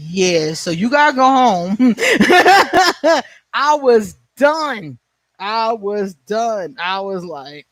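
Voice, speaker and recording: A man's voice: very high-pitched, fairly bright tone, no echo. A man in his forties hosting a casual livestream chat, telling stories bluntly and profanely, laughing often and answering viewers by name. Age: 40s. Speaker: livestream host.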